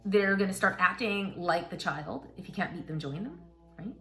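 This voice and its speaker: A woman's voice: medium pitch, expressive, moderate pace, fairly bright tone, soft background music. A middle-aged woman hosting a casual book talk, chatting and reading passages aloud in an encouraging way with asides to her listeners.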